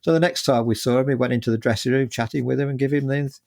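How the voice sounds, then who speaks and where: Gravelly older English man telling stories. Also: medium pitch, fairly even intonation, racing, a little mellow. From England. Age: 70s. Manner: chatty, rambling with many fillers. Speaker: guest musician. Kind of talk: casual anecdotal storytelling.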